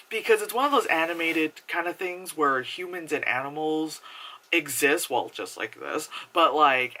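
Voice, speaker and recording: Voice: medium pitch, sharp tone. A movie reviewer ranting casually, rambling and swearing, full of "like" fillers. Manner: rambling, profane, lots of "like" fillers.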